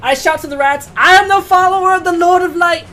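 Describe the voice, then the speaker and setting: A woman's voice: sits high, fast talker, a bit bright, faint music behind. A woman voicing a stern, zealous priestess who makes commanding, grandiose declarations.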